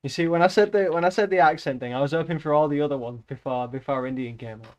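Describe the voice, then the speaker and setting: A man's voice: on the high side, fast, a little mellow. Man reading a novel live, joking. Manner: rambling, self-interrupting, joking asides. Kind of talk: casual live reading with chat banter.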